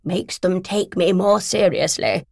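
A woman's voice: fairly low pitch, unhurried, vocal fry, a little mellow, no echo, studio quality. A woman voicing a pushy, overbearing female literary agent who bellows and talks down to people. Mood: confiding.

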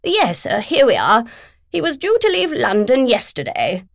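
A woman's voice: a little high, huge pitch swings, normal speed, gravelly, no room sound, studio quality, pitched above the performer's own voice, heavily acted. A woman voicing a pushy, overbearing female literary agent who bellows and talks down to people. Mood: brisk, imperious.

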